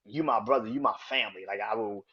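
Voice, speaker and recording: A man's voice: lowish voice, fast, slightly rough. Man voicing an earnest young wrestler, laid-back slang, loyal, muffled mic. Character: loyal young male wrestler vowing brotherhood.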